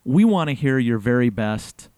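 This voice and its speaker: A man hosts a casual podcast, ribbing his guest and laughing easily as he stops and restarts his sentences. His mid-pitched voice sounds close and dry, with no room around it. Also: big pitch swings, a little mellow, no room sound. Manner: teasing, laughs often, halting restarts. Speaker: podcast host. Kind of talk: casual chat.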